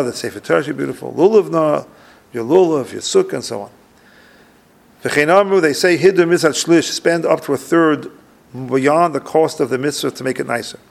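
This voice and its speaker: Gravelly, animated male religious teacher. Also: on the high side. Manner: reads Hebrew lines and translates each; thinks aloud with restarts. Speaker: rabbi teaching a class. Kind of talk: religious lecture with text reading.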